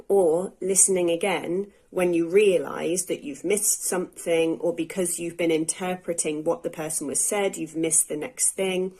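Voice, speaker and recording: A woman's voice: on the low side, steady tone, unhurried, dark tone. A woman English teacher talking candidly in a casual, unscripted vlog at home, thinking aloud with fillers as she goes. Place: indoors at home.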